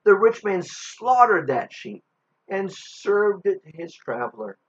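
A man preaching a sermon, telling a Bible story with dramatic pauses and strong emphasis. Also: sits high, big pitch swings, fairly bright tone. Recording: dull lo-fi recording.

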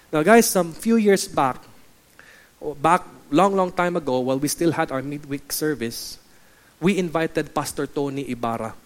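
High-voiced Filipino pastor preaching. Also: male voice, expressive, a little slow. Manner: emphatic, exhorting, repeats phrases. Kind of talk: sermon.

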